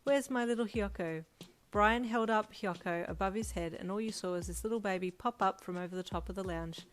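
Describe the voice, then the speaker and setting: A woman reading a second-person fan fiction audiobook in a steady, soft storytelling manner. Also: medium pitch, fairly quick. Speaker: fanfiction reader.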